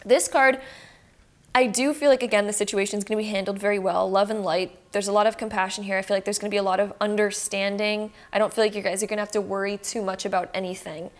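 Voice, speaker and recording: A woman's voice: mid-range voice, steady tone, fast talker. A young adult woman from Canada with a Canadian accent, giving a rambling, reassuring tarot card reading to her viewers. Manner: rambling, reassuring, many fillers. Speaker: tarot reader. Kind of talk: casual tarot reading to camera.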